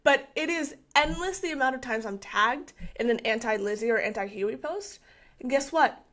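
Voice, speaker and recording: High-voiced, indignant woman podcast co-host. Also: expressive, moderate pace. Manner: indignant, forceful and insistent. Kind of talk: casual podcast chat.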